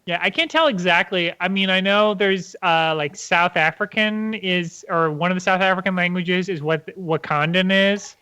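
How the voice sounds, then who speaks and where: A man's voice: high voice, moderate pace, few pauses, sharp tone, clear, resonant tone, muffled recording. A man casually chatting on a podcast, rambling with lots of fillers. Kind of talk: casual chat.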